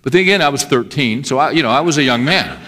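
Animated, fast, bright and forceful, a medium-pitched man's voice delivers a sermon. He is a middle-aged pastor speaking conversationally and frequently asking his listeners questions.

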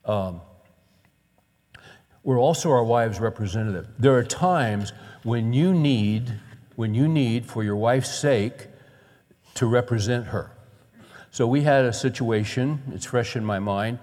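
A pastor preaches earnestly and conversationally, telling stories and posing rhetorical questions. His mid-range, slightly mellow voice moves a little slowly with long pauses, and a long hall reverb surrounds him.

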